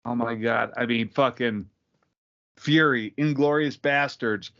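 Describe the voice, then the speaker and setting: A man's voice: mid-range voice, a little slow, fairly bright tone, dull audio. A man co-hosting a podcast, talking casually with frequent swearing and emphasis. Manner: profane, emphatic. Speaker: podcast co-host. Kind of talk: casual chat.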